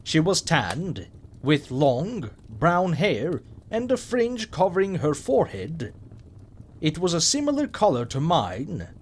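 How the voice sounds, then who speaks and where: A man narrating a scripted horror story in a measured, wry way. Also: on the high side, wildly swooping pitch, breathy edge.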